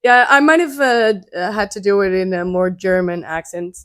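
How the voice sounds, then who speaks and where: A woman co-hosting a podcast, reading quiz questions slowly and deliberately between light laughs. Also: mid-range voice, expressive, fairly bright tone, clear, resonant tone. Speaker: podcast co-host, quiz reader.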